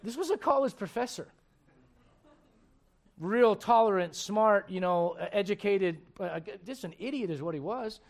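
A man's voice: sits high, lively intonation, moderate pace. A man preaching a sermon in an emphatic, conversational way, full of rhetorical questions.

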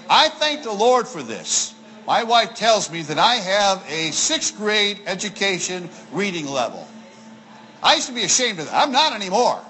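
Animated, high-voiced preacher man. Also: a little hiss or hum, low-quality recording. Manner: folksy, animated, playful voices for examples. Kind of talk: sermon to children and families.

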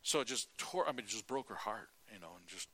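A middle-aged male preacher giving a sermon, telling folksy stories, acting out quotes and often clearing his throat. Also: lowish voice, animated, fast, fairly bright tone.

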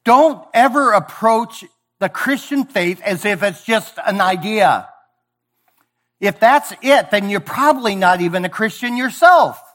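A man preaching a sermon, emphatic and sometimes sarcastic, swinging from booming lines to hushed ones. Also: animated, measured pace. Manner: sarcastic mock praise.

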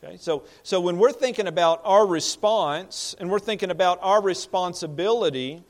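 A man's voice: high voice, normal speed. A man in the role of pastor, preaching in a conversational way, plain-spoken and often repeating or restarting words as he builds a point. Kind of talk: conversational sermon.

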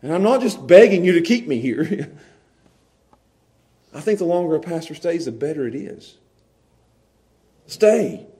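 A man's voice: on the high side, sing-song, slow, pauses often, mellow. A man preaching a sermon as pastor, emphatic and repeating words as he pleads.

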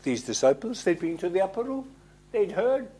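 A man preaching a sermon, emphatic, asking rhetorical questions and swinging between loud declarations and hushed lines. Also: high-pitched, very animated, normal speed, breathy edge.

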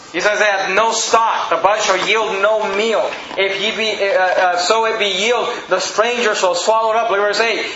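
A man's voice: high-pitched, normal speed, hardly any pauses, slight background noise. Emphatic preacher man, roomy sound. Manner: emphatic, rising to shouts on key verses. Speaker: pastor. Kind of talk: sermon. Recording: roomy, slightly dull with faint ambience.

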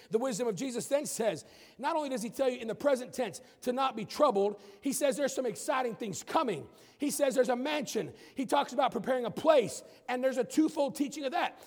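A man preaching a sermon as a pastor, building from calm teaching to emphatic, shouted declarations. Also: extremely high pitch, big-room sound. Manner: preaching with rising emphatic outbursts.

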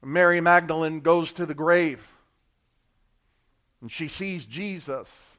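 A male pastor preaching a sermon, acting out the people he quotes and swinging between loud and quiet. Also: on the high side, takes it slowly, clean tone. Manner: dramatic, acts out quoted voices with big swings in loudness.

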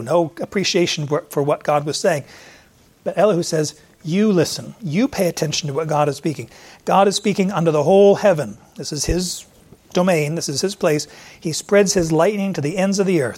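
A middle-aged man preaching a sermon, lively and acting out the voices he quotes. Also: fairly high pitch. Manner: animated, acts out voices in quotes. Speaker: pastor.

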